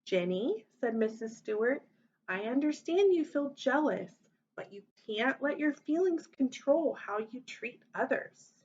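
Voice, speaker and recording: A woman teacher reading a children's story aloud, voicing the characters with big expressive lifts in pitch. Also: unhurried, dull audio, slight background noise.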